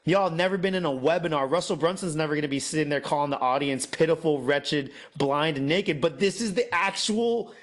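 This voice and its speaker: A man hosting a masterclass, mixing an emphatic sales pitch with sermon-like preaching, repeating phrases for effect and mimicking doubters. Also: a little fast, few pauses. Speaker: host, off-grid masterclass presenter.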